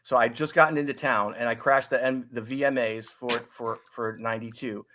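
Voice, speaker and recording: A man's voice: mid-range voice, steady tone, brisk, bright, forceful tone, a little hiss or hum. A man telling a rambling anecdote in casual podcast chat, correcting himself and laughing easily. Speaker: podcast guest or co-host telling a story. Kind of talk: casual storytelling.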